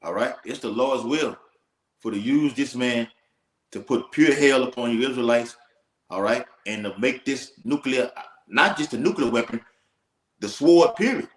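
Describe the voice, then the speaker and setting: A man's voice: mid-range voice, normal speed. A man teaching scripture in an emphatic, preacherly way, checking in with "all right?". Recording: echoey room.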